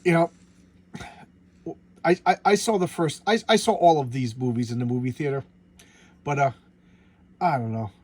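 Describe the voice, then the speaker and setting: A man's voice: medium pitch, moderate pace, long pauses, a little mellow, husky. A man chatting casually while reviewing a comic book, rambling and often tripping over his words and names.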